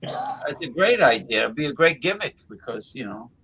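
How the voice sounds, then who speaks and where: A man hosting a casual livestream chat, who talks in halting restarts with many fillers and repeats himself to hold the floor. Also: mid-range voice, sing-song, fairly bright tone, husky, low-quality recording. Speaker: livestream host.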